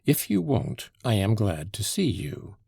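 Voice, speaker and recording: A man's voice: lowish voice, wildly swooping pitch, gravelly, mellow, breathy edge, dry recording, clean studio sound, heavily acted. A man reading an audiobook, voicing a teasing, imperious young woman who scolds insistently. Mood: mocking. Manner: insistent, reproachful, quick to scold.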